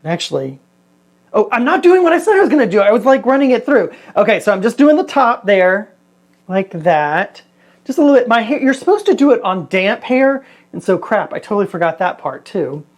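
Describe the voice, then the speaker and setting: A man's voice: high voice, sing-song, fairly quick, no room sound. A man in his forties chatting casually in a vlog, reviewing a hair product in a rambling, self-deprecating way. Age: 40s.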